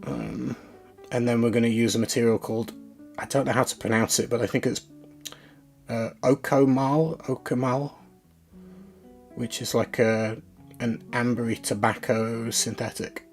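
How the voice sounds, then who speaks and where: A man's voice: mid-range voice, flat delivery, normal speed, gravelly, soft background music. A man chatting casually on a live stream as he works, thinking aloud and talking to his viewers.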